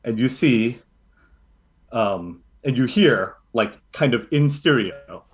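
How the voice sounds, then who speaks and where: A man narrating a tabletop role-playing game as game master, telling the story in a lively way with many fillers. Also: medium pitch, slow.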